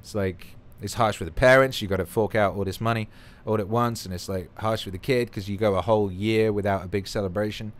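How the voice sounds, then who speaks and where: A man's voice: on the low side, fairly even intonation, a little fast. A man hosting a livestream, reading out viewer comments in a rambling, playful, profane chat. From United Kingdom. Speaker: livestream host.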